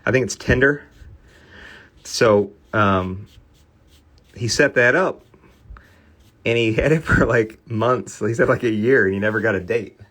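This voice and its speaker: Middle-aged male host, lowish voice, relaxed rambling storyteller chatting with a livestream audience. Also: measured pace, long pauses. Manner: rambling storyteller, laughs often, chatty with viewers. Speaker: card cleaning livestream host. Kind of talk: casual livestream chat.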